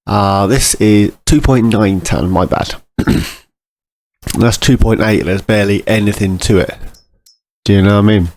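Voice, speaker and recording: A man giving casual, rambling commentary over a farming game, often clearing his throat. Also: on the low side, a little slow, long pauses, darkish tone. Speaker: gameplay commentator.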